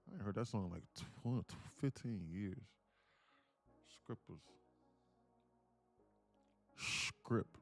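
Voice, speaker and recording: A man hosting a day trading livestream, talking in loose, joking, slang-heavy banter with quick restarts. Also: fairly low pitch, gravelly, dry recording, soft background music. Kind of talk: casual livestream chat.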